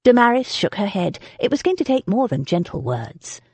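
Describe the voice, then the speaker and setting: Woman, audiobook narrator, expressive, animated pitch, husky. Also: moderate pace, dry recording. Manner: expressive, lively reading. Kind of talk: scripted narration.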